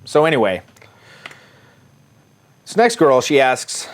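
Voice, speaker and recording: A man's voice: lowish voice, animated, fairly quick. A man, a dating coach, casually talking through text exchanges in a crude, irreverent, offhand way. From United States.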